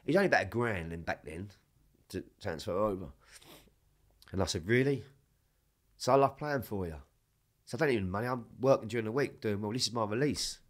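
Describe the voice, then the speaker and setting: Man, low-pitched, animated storyteller, swears a lot, casual chat. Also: brisk. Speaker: podcast guest.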